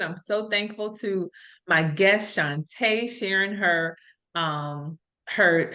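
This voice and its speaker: A woman's voice: medium pitch, pushed and bright. A middle-aged woman hosting a podcast, telling stories in an earnest, reflective way in casual conversation. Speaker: podcast host.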